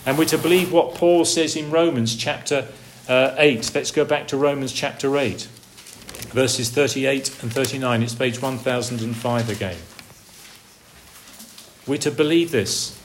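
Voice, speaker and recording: A preacher delivering a sermon, posing rhetorical questions and swinging from emphatic peaks down to low, quiet lines. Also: male voice, unhurried, slight background noise.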